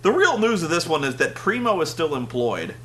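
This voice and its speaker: A young man hosting a casual recap, rambling and animated, breaking into loud shouted impressions. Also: on the high side, fairly quick, a little hiss or hum. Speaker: web show host. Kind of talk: casual wrestling recap rant.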